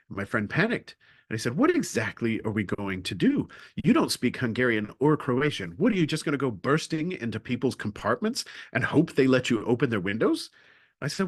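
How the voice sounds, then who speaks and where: A man presenting a webinar, telling a comic story with lively timing and then turning to his main points. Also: mid-range voice, brisk, husky. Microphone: video call.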